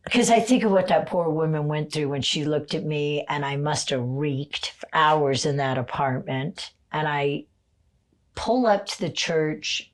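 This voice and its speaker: A woman in her sixties telling a personal story in casual podcast talk, going from hushed tones to loud, swearing outbursts. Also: low voice, a little slow. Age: 60s. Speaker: guest psychic.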